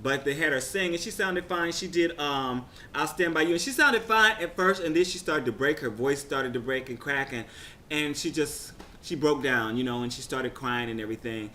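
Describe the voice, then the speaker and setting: A man casually recapping a TV results show, chatty and excitable, rambling with frequent restarts. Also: mid-range voice, normal speed, slight background noise.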